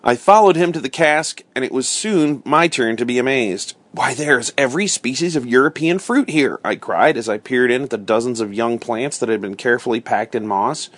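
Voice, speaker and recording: A man reading a storybook aloud in a steady, expressive storytelling manner. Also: mid-range voice, moderate pace, few pauses. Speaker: reader.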